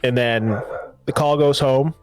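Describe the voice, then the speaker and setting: Casual podcast host, rambling retell. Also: male voice, mid-range voice, fairly even intonation, a little slow, darkish tone, soft background music. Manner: loose, rambling retelling with acted quotes. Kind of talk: casual chat, retelling a show.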